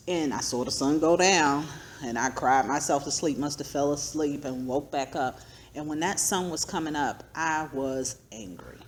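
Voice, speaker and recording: A woman's voice: deep voice, a little hiss or hum. Earnest woman giving a preacherly testimony. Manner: earnest, preacherly, laughs often. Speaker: guest speaker. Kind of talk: personal testimony talk.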